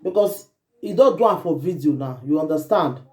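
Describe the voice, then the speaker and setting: A woman's voice: low voice, animated, normal speed, a little mellow. A woman host with a Nigerian accent, giving emphatic commentary in Pidgin and English and repeating phrases as she laments. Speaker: online show host.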